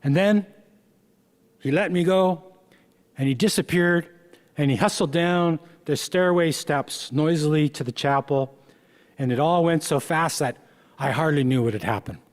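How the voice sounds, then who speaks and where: Slow-reading man in a reverberant hall. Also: on the high side. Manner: slow, measured reading with small stumbles. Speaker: author. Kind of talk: reading aloud from his memoir. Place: event hall.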